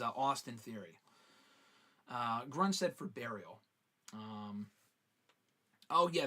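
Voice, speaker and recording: Animated man reading fan questions. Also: fairly high pitch. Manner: swearing, animated, reads viewer questions aloud. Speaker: host answering fan questions. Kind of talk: live casual chat.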